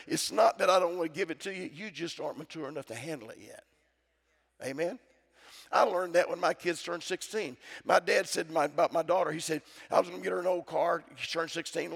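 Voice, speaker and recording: Gravelly preacher man in a reverberant church. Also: fairly high pitch, quick pace, fairly bright tone. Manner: preaching with call-and-response to the congregation. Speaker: pastor. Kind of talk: sermon. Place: church sanctuary. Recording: church sound with long reverb.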